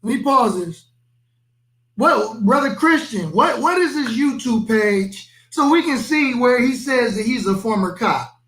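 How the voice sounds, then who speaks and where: A man's voice: extremely high pitch, lively intonation, a little slow, a bit bright. A man hosting a live reaction stream, talking to viewers in an emphatic, skeptical way. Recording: echoey room.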